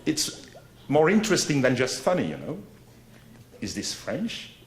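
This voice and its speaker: A man's voice: medium pitch, huge pitch swings, measured pace, slight background noise. A man giving an academic conference talk in a conversational way, often checking in with "right?" and repeating points for emphasis. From Belgium. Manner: conversational, frequent "right?" and "eh?" asides, emphatic repetition. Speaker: academic lecturer. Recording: roomy hall echo.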